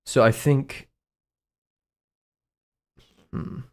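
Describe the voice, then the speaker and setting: This art streamer speaks extremely slowly, his voice a little mellow. He's a young Southern US man who thinks aloud as he draws on a casual live stream, rambling, putting himself down, and frequently chuckling.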